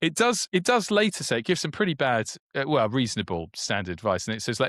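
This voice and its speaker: A man co-hosting a podcast in casual chat, animated, with frequent restarts and sudden upward jumps in pitch when excited. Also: fast talker, no echo, studio quality. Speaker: podcast co-host.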